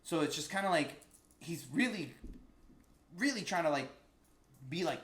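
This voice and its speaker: A man's voice: a little high, lively intonation, a little slow, pauses often, fairly bright tone, reverberant. A man teaching a casual music lesson, enthusiastic and searching for words with frequent restarts. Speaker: saxophone teacher.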